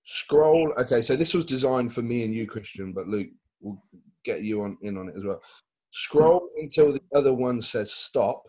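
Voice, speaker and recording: A man's voice: mid-range voice, animated, normal speed, warm tone, husky. A man hosting a podcast, joking and swearing through casual banter. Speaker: podcast host.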